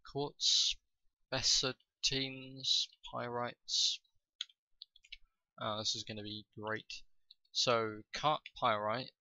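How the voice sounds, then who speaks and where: A man talks through a strategy game as he plays, thinking aloud and pausing often on fillers. His voice sits a little low and has a bright, sharp edge, and he speaks slowly. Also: steady tone, low-quality recording. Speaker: gaming video host. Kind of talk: casual gameplay commentary.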